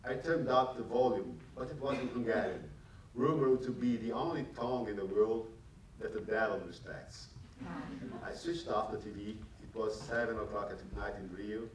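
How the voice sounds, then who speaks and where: A man reading his own novel aloud to a live audience at a measured, careful pace, speaking English as a second language. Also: fairly low pitch. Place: large library hall at a public event. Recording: echoey hall, distant mic, faint noise.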